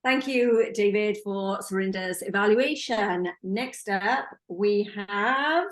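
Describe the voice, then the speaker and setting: A woman chairing an online club meeting, introducing the next speaker briskly. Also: medium pitch. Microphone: video call. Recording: roomy video call audio.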